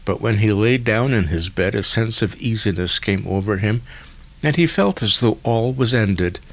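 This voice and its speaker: A man narrating a literary story in a measured, deliberate way. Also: lowish voice, lively intonation. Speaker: audiobook narrator.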